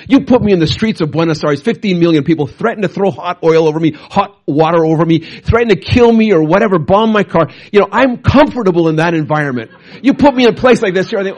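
Husky middle-aged pastor guy telling stories in a sermon, kinda high voice, gets loud and lively, trips over his words a lot. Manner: animated, bursts into loud acted quotes, frequent restarts. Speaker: pastor and missionary. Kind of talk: storytelling sermon.

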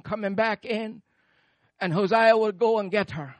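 A man preaching a sermon into a handheld microphone, moving between fervent shouted praise and hushed storytelling. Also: high-pitched, normal speed, no echo.

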